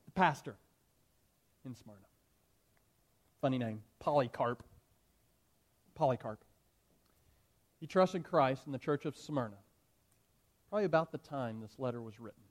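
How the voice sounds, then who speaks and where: A man's voice: mid-range voice, measured pace, pauses often. A man preaching a sermon as pastor, speaking earnestly and addressing the congregation directly.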